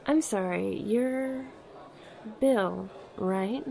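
Woman, slow teasing delivery, slight fry, comedy sketch guest. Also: medium pitch, dark tone. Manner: playful, teasing, slow punchlines. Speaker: support group guest.

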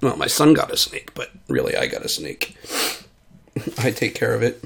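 A man hosting his own podcast in a casual solo monologue, talking in a sick, hoarse voice into a studio mic, rambling and self-deprecating with awkward jokes. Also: medium pitch, very animated, normal speed, fairly bright tone, a little hiss or hum. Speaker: podcast host and voice artist. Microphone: studio mic at home.

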